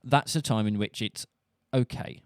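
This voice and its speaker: A man's voice: fairly low pitch, measured pace, a little mellow, dry recording, studio quality. A young man from England with a Southern English accent, joking and rambling in a casual monologue. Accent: Southern English, Buckinghamshire. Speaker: streamer.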